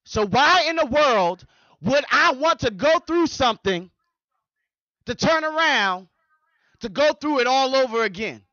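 Male pastor preaching, high bright voice, rhythmic repetition, dry slightly dull recording. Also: lively intonation, measured pace, dry recording. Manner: preaching with repeated rhythmic phrases. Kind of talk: sermon.

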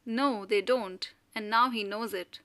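A woman's voice: mid-range voice, measured pace, fairly bright tone, natural voice. A woman voicing a domineering middle-aged mother who speaks sharply and severely, raising her voice to scold her family. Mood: severe, commanding.

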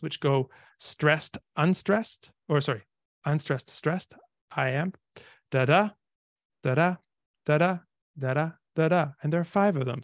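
A man giving an informal lecture, relaxed and explanatory, pausing on frequent ums. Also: fairly high pitch, dry recording, clean studio sound.

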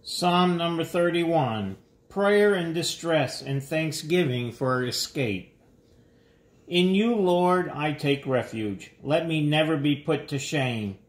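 A man reading psalms and prayers aloud in a measured, solemn way. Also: on the high side, animated, roomy sound. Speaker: scripture reader.

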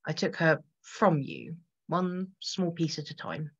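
A woman voicing a creature that has taken a young woman's place, speaking softly, slowly and with quiet menace in a gothic story. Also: deep voice, sing-song, slightly rough, dull audio, exaggerated voice. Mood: menacing. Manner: soft, slow, quietly menacing. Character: female creature posing as a friend, coaxing, sinister.

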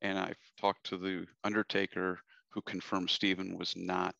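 A man's voice: deep voice, little pitch movement, normal speed, vocal fry, sharp tone, dry recording, lo-fi sound. A man playing a social deduction game, defending himself with hesitant restarts. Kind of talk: casual game discussion.

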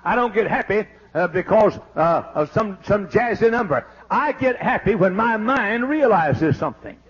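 A man preaching a fiery sermon as pastor, exclaiming and shouting praise. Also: high voice, lively intonation, moderate pace, slightly rough. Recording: dull lo-fi archive sermon tape.

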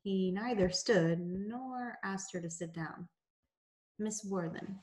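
A woman teacher reading a novel aloud to her class in a measured, unhurried narration. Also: medium pitch.

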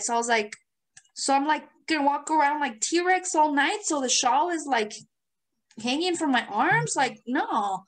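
Swearing, laughing often and full of energy, this woman co-hosts a podcast and shares stories in a relaxed chat. She has a high-pitched voice and keeps a moderate pace.

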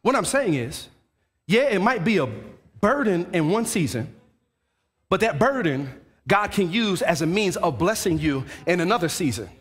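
A man preaching a sermon to his congregation, his fairly high voice leaping around in lively swings. He slips into quick put-on voices of grumbling churchgoers as he goes. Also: slightly rough. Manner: animated preaching, acts out quoted voices of churchgoers. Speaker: pastor. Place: church sanctuary.

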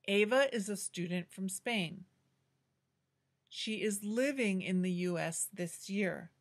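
Woman teacher going over english grammar, super slow and clear, patient. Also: mid-range voice. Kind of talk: grammar lesson.

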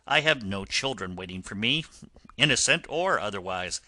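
A man's voice: lowish voice, lively intonation, moderate pace, bright, forceful tone, no echo, exaggerated voice. A man voicing a pleading, boastful toad. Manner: pleading and self-pitying. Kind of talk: audiobook character voice.

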